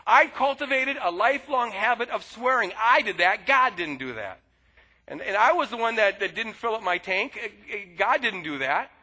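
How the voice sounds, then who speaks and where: A middle-aged male pastor preaching a sermon, telling a personal story in an animated way and shouting at times to act out anger. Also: high-pitched, rough recording. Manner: animated storytelling, bursts of loud shouting when acting out anger.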